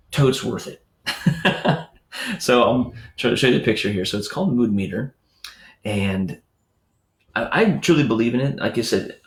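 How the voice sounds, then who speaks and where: Lowish-voiced man teaching in an echoey room. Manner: conversational, storytelling with filler words and asides. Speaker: educator hosting a morning enrichment show. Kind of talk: casual teaching talk to parents.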